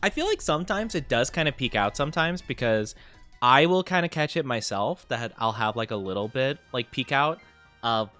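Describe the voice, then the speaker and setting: Chatty male game streamer, animated pitch, faint background music. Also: normal speed. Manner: lively, playful, chatty with viewers. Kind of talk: casual gaming stream chat.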